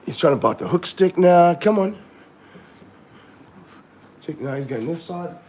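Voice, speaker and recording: A man with a fairly high voice talks through a live stream while handling a snake, swinging from excited bursts to low muttering. He sounds far from the mic in a roomy indoor space with a faint hum behind. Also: a little slow. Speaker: snake keeper. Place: room of snake enclosures, indoors.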